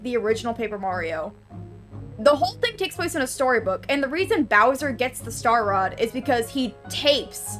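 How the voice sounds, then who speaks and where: A woman streamer talking casually and with strong opinions while she plays, full of "like" fillers. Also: fairly high pitch. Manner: chatty and opinionated, many "like" fillers. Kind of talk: casual game stream commentary. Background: game music.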